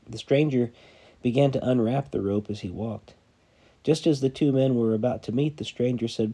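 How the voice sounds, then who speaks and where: Dark, husky male podcast host. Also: medium pitch, normal speed. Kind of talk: reading a story aloud.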